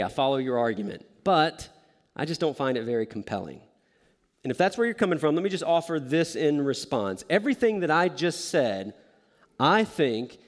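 A man's voice: mid-range voice, in a large hall. A man preaching a sermon in a conversational, self-deprecating way, often joking with the congregation. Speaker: pastor.

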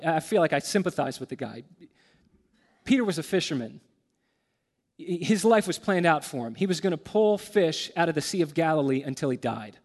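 A man preaching a sermon, talking with heartfelt emotion and frequent halting repetitions. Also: sits high. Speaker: pastor. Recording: long hall reverb.

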